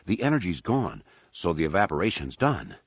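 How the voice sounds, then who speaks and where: A man's voice: deep voice, very animated, moderate pace, slightly rough, no echo, heavily acted. A male audiobook reader voicing a young man who explains things in a matter-of-fact way. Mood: explaining. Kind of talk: audiobook character voice.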